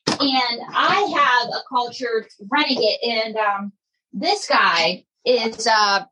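Husky, bright-voiced chatty woman. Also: fairly high pitch, slow, low-quality recording. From United States. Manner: chatty, rambling, with many fillers. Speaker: comedian and ventriloquist guest. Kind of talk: casual interview chat.

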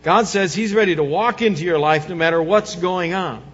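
A male pastor preaching a sermon, moving from soft coaxing lines to loud, emphatic ones. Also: high-pitched, normal speed, slightly rough. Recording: dull sound with long hall reverb.

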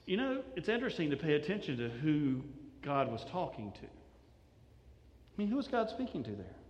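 A man with a high, light voice preaches a sermon, retelling the story in an easy, conversational way. He slips into the voices of the people he describes. His words ring out with the long echo of a large hall. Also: big pitch swings, normal speed, a bit bright. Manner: conversational storytelling, acts out quoted lines. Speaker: pastor. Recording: echoey hall.

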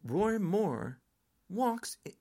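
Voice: medium pitch, sing-song, very slow, warm tone. An older podcast host in a frustrated, angry political rant.

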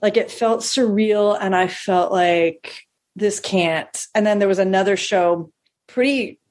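A woman comedian telling a long profane anecdote, animated and acting out the people she quotes. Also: mid-range voice, measured pace. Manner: animated, acts out quoted voices, swears freely. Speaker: stand-up comedian.

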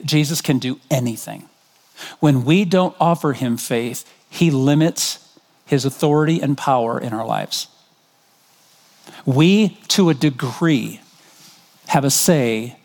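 A middle-aged man preaching a sermon as pastor, conversational, telling stories and quoting scripture. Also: mid-range voice. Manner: conversational, storytelling, animated when quoting.

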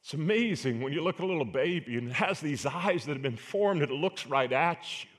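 High-voiced preaching pastor. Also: male voice, expressive, fairly quick. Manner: earnest, emphatic preaching with rhetorical questions. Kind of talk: sermon.

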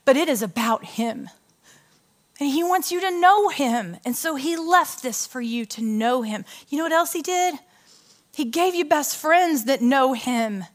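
Woman, 30s, speaker on stage; lively storytelling sermon, slightly high voice. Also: unhurried. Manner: animated, chatty, asks the audience questions. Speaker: women's ministry speaker. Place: stage before an audience.

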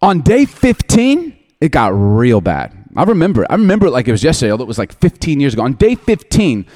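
Lively, joking pastor. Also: male voice, mid-range voice, fast talker. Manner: humorous, self-deprecating, candid; animated, often laughing. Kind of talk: storytelling sermon.

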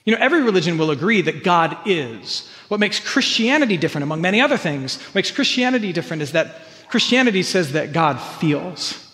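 A pastor delivers an earnest sermon in a fairly high voice, doubling back on his words as he builds each point. The sound rings out with a long hall reverb, as if caught in a church sanctuary. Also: sing-song, brisk, hardly any pauses, pushed and bright. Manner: earnest, repeats words when stressing a point.

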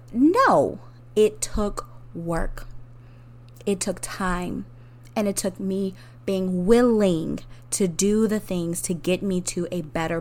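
An earnest woman speaks straight to her listeners in a personal podcast monologue. Her voice is mid-pitched, and she talks with heartfelt warmth, laughing softly and pressing harder on the words that matter most. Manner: earnest, heartfelt, with soft laughs and rising emphasis. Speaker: podcast host.

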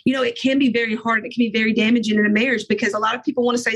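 A middle-aged woman being interviewed, telling an earnest, emotional faith testimony in quick bursts of speech. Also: on the high side, steady tone, a bit bright, breathy edge, low-quality recording. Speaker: guest.

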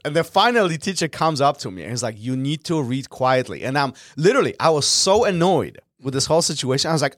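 Lively man from Poland, dry studio sound. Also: a little high, a little fast, hardly any pauses, no echo. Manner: animated, laughs often, acts out voices in his stories. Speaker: podcast co-host. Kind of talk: casual chat, storytelling.

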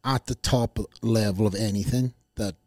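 A man's voice: fairly low pitch, fairly even intonation, moderate pace, darkish tone, dry recording, clean studio sound. A man hosting a podcast, listening with short murmurs and then sharing his own reflections. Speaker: podcast host. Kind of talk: podcast interview.

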